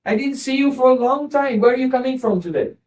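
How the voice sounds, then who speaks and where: A man's voice: very high voice, quick pace, a little mellow, recorded from a distance, voice pushed up. A man doing a sly, teasing young cowherd girl.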